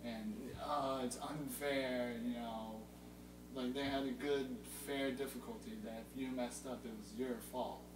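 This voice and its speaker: A young man hosting a casual chat about video games, informative and a little halting with fillers. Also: medium pitch, steady tone. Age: young adult. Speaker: host. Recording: roomy, distant mic with loud hum.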